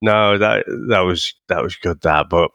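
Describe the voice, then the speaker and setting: A man co-hosting a casual film podcast, retelling scenes in a relaxed, chuckling way. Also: sits low, a little slow, no room sound. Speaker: podcast co-host.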